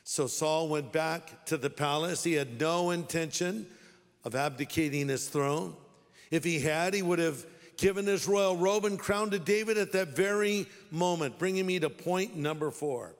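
A man's voice: a little high, normal speed, long reverb tail. A man preaching a sermon as a pastor, talking in a wry, direct, conversational way.

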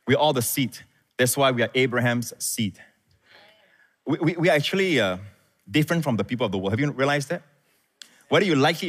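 A male pastor preaching a sermon, telling a scripture story and leaping up in pitch and volume when he quotes the characters. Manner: animated, rises high and loud when quoting scripture. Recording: echoey hall with long reverb.

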